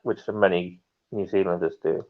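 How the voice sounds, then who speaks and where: A man's voice: sits low, fairly even intonation, moderate pace, phone-quality sound. A man hosting a live online chat show, talking casually and laughing often.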